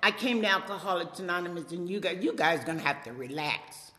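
A woman's voice: fairly low pitch, animated, a little fast, bright, forceful tone. Joking Southern woman in a hall. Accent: Louisiana Southern. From Louisiana. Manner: chatty, joking with the crowd. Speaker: speaker at a recovery meeting. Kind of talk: personal testimony talk. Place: meeting hall, at a podium. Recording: reverberant hall.

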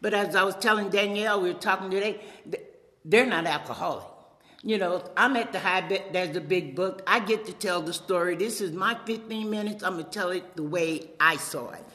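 A woman's voice: lowish voice, fairly quick, sharp tone. A middle-aged woman with a Louisiana accent, giving a chatty, joking personal testimony at a podium in a meeting room. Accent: Louisiana Southern. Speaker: speaker at a recovery meeting. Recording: reverberant hall.

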